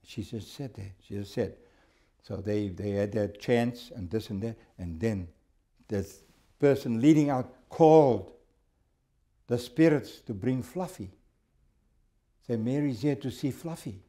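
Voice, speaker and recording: Halting, mellow-voiced male Bible teacher. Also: fairly low pitch. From South Africa. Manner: conversational, halting, repeats words. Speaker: Sabbath school teacher. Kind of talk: church Bible lesson with storytelling.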